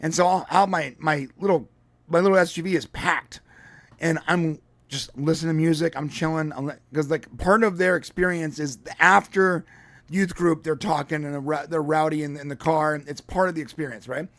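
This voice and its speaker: A middle-aged man co-hosting a podcast, telling stories in animated casual chat with many restarts. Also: fairly high pitch, normal speed, no echo. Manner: animated storytelling, lots of restarts. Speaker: podcast co-host.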